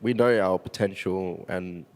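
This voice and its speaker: A man's voice: deep voice, a little slow. A man, a pro player, speaking in a blunt and earnest way after a loss. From Australia. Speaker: esports player. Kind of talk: casual post-match interview.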